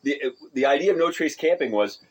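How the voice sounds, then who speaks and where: Co-host man with a slightly raised pitch, animated storyteller, casual podcast chat. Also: brisk, rough recording. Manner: animated storyteller, acts out quoted teachers with shouts and laughs.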